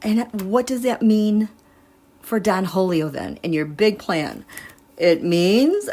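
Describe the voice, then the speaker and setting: A woman reading tarot cards live, chatting in an animated way and laughing often. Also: mid-range voice, slow, pauses often. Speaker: tarot reader.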